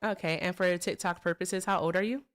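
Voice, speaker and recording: A woman's voice: on the low side, fairly even intonation, brisk. A woman hosting a live political call-in stream, chatty and upbeat, greeting viewers and callers. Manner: chatty, upbeat, says y'all. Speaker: livestream host. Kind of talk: casual livestream chat.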